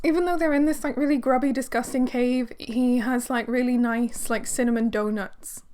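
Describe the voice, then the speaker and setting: A woman's voice: on the high side, steady tone, moderate pace, a little mellow, faint music behind. A young woman reviewing a book in a chatty, sarcastic way, with lots of fillers. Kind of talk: casual book review vlog.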